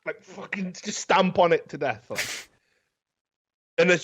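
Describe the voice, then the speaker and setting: A film review podcast host, a man with a high-pitched, somewhat bright and husky voice, speaks at a measured pace with long pauses. He hosts a casual comedic review, telling the story in a rambling, profane way. The recording sounds dull and lo-fi.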